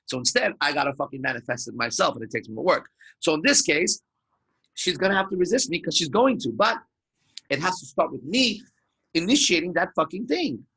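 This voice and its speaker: A man's voice: fairly high pitch, big pitch swings, a little fast, vocal fry, pushed and bright, husky. A man giving an unscripted lecture as a dating coach, talking in a swaggering, profane, emphatic way.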